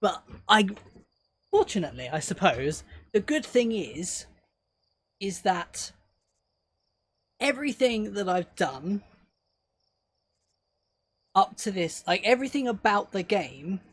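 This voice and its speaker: Unhurried woman swearing through a game stream. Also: medium pitch, sing-song. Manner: swears freely, talks to herself while playing. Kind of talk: live gameplay commentary.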